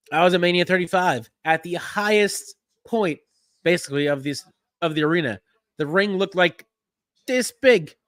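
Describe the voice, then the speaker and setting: A man's voice: fairly high pitch, fairly bright tone, dry recording. A man hosting a casual wrestling-watch live stream, rambling with frequent restarts and easy chuckles. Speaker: podcast host.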